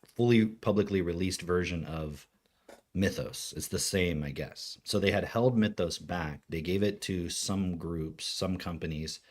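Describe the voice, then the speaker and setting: Very low male co-host, loose rambling explainer, lots of "like". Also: a little slow. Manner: rambling, filler-heavy explaining. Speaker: podcast co-host. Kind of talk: casual chat.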